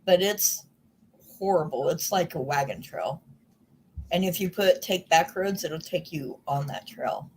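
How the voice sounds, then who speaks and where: A woman's voice: deep voice, unhurried, darkish tone. A woman co-hosting a livestream, talking in a plainspoken, chatty way. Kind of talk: casual chat. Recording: faint background noise.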